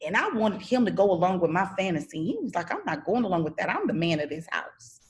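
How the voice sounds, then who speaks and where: A woman's voice: lowish voice, big pitch swings, fast talker. A middle-aged woman hosting a live coaching session, telling a candid, confessional story. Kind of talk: live-stream coaching talk.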